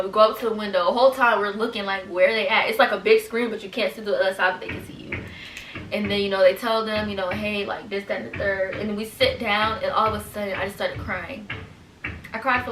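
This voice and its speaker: A woman's voice: medium pitch, a bit bright, recorded from a distance, a little hiss or hum. A woman in her twenties telling a personal story at home, rambling with lots of "like" and "you know", close to tears. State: teary, holding back tears. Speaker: vlogger. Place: home room. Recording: roomy echo, speaking a bit off-mic.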